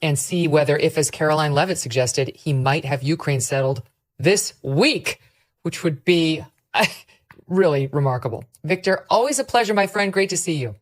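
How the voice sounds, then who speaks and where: A woman hosting an interview, brisk and direct as she wraps up the segment. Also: low voice. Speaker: show host.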